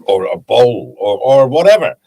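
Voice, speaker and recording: A man's voice: medium pitch, very animated, normal speed, dark tone, poor audio. A man with a German accent, a guest telling anecdotes in a casual chat about his woodturning club. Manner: chatty, laughs at his own anecdotes.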